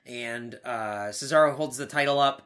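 A man's voice: mid-range voice, moderate pace, a bit bright. A man co-hosting a podcast, recapping wrestling matches in casual, blunt, profane chat. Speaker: podcast co-host.

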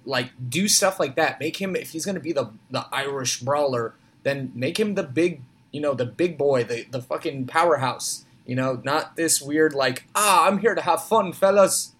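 A man's voice: medium pitch, normal speed, few pauses, a bit bright, slightly rough. A man co-hosting a podcast from a hotel room, chatting casually about wrestling and joking around. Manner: jokey, breaks into goofy impressions. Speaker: podcast co-host. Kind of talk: casual wrestling recap chat.

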